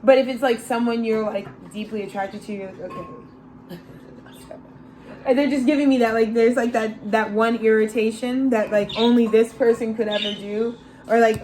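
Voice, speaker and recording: A woman's voice: fairly high pitch, steady tone, a little fast, a little mellow, slight background noise. A woman giving a casual, channeled tarot reading, slangy and loose, calling listeners bro and laughing often. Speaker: tarot reader.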